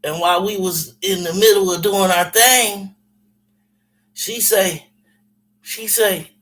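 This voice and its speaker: A man with a high, bright voice, telling stories in casual chat. He is animated and profane and keeps repeating himself for effect. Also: low-quality recording. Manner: animated, repetitive, profane, quick to laugh. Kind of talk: casual storytelling.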